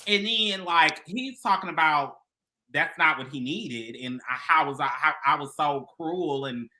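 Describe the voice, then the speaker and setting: A woman's voice: sits low, a little slow. A woman co-hosting a casual chat show, telling stories with lots of laughter. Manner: animated storytelling, laughing often. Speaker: co-host.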